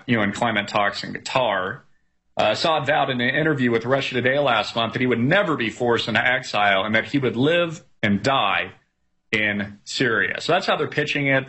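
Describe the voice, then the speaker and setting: Man, bright forceful voice, slightly husky, sarcastic rambling news commentary, lots of fillers. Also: medium pitch, brisk. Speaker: commentary show host.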